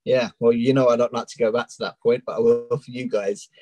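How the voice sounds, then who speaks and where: A man in his thirties from England with a London accent, a coaching client talking openly as a guest in a casual interview, with many ums and pauses. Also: medium pitch, level tone, low-quality recording. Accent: London English. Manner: open and candid, with many ums. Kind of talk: casual interview on a live stream.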